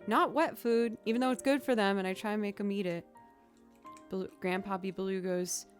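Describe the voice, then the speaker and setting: A woman hosting a casual livestream chat, answering viewer questions as a chatty, expressive storyteller. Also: medium pitch, normal speed, soft background music. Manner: chatty, expressive storyteller who acts out quoted reactions.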